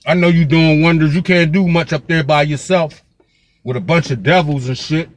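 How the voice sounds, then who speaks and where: Local man from Pennsylvania, heated and profane, raised voice, rapid-fire repetition. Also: on the high side, steady tone, no room sound. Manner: fiery, profane, repeats "God damn it". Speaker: local commentator. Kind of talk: street vlog rant.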